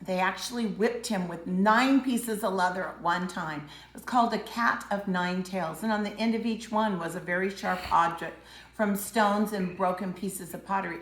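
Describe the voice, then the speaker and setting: A woman teaching preschoolers, telling a Bible story with dramatic voices and hushed moments. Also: medium pitch, reverberant. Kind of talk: Bible story lesson for young children.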